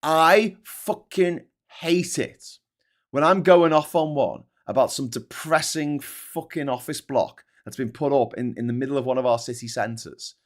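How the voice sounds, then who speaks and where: A man's voice: mid-range voice, unhurried. A man hosting a show, ranting in casual, heavily sweary commentary. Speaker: host.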